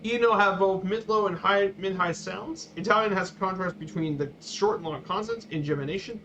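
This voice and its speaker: A man streaming a flight simulator, giving a casual slideshow talk with halting, repeated words and fillers. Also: sits high, sharp tone. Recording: dull lo-fi stream audio with faint noise.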